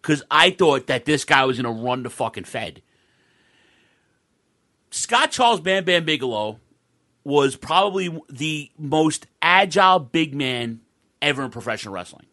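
A man's voice: a little high, lively intonation, a little slow, pushed and bright. A man telling a long, rambling story in casual talk, often restarting and swearing, heard through a home microphone over a video call. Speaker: podcast guest telling a wrestling fan story.

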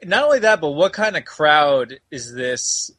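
A man co-hosting an internet radio talk show, throwing in quick joking asides. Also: a little high, big pitch swings, a bit bright, dry recording. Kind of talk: casual podcast chat.

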